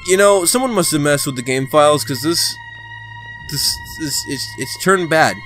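A man giving casual let's play commentary, excitable and talking to the game character, sometimes breaking into shouts. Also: a little high, a little fast, soft background music. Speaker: gaming channel host.

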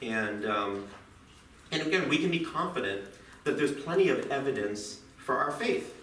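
A man teaching high schoolers in a classroom, chatty and self-deprecating, with lively jokes. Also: moderate pace, a little hiss or hum. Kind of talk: classroom lecture. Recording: roomy, distant classroom mic.

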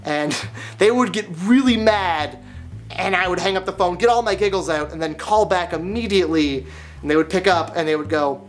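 A young man telling comic confessional stories in a deadpan, self-mocking way, as a vlogger. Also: high voice, brisk, faint music behind. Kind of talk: comedic confessional monologue.

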